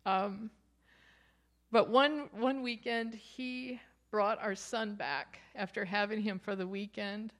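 A woman's voice: mid-range voice, steady tone, slow, fairly bright tone. Earnest woman telling her faith testimony. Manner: earnest storytelling with frequent light laughs. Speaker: speaker sharing a personal testimony.

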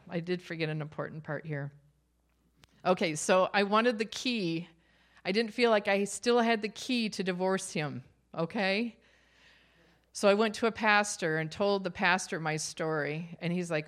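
A woman's voice: medium pitch, unhurried. Earnest woman telling her faith testimony. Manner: earnest storytelling with frequent light laughs. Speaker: speaker sharing a personal testimony.

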